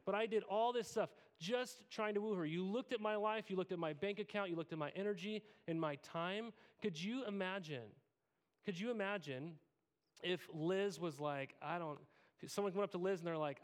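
A man's voice: high-pitched, moderate pace. A man in his thirties preaching a sermon as pastor, conversational and self-deprecating, acting out quoted lines.

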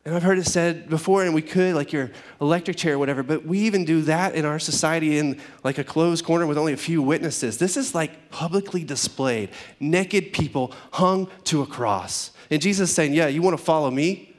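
A man preaching a sermon in a relaxed, conversational way, often acting out characters in everyday voices. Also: on the high side, fairly quick, few pauses. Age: adult parent. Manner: conversational, acts out biblical characters in casual voices. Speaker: pastor.

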